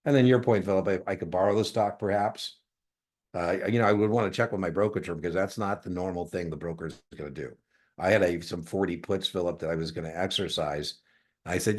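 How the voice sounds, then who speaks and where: A middle-aged man teaches a finance exam prep class. His voice sits low, and he keeps the lecture animated, breaking into jokes and playing out back-and-forth exchanges with students. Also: a little fast. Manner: animated, jokey, acts out dialogues with students.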